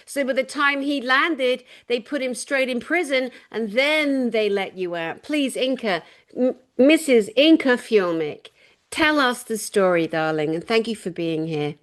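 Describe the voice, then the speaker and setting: A woman hosting an interview, speaking earnestly and emphatically, slowing down to stress her points. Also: a little high. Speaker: interview host. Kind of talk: emotional advocacy interview.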